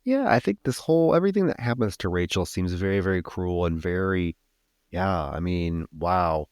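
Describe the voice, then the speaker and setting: A man's voice: low-pitched, a little fast, no echo, studio quality. A man co-hosting a podcast, retelling a film's climax in casual, profane chat. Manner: animated, profane retelling of plot. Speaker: podcast co-host. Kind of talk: casual film recap.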